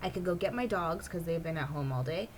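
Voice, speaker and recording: A woman's voice: lowish voice, expressive, fairly quick, slight background noise, rough recording. A woman vlogger in casual personal chat, rambling and filling her talk with "like". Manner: rambling, heavy use of "like".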